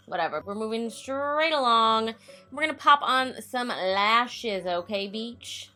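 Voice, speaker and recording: A woman's voice: fairly high pitch, animated, measured pace, pushed and bright, faint music behind. A woman giving a casual makeup tutorial voice-over, chatty and self-mocking, swearing freely and talking to herself. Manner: talks to herself as an onlooker. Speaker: makeup vlogger.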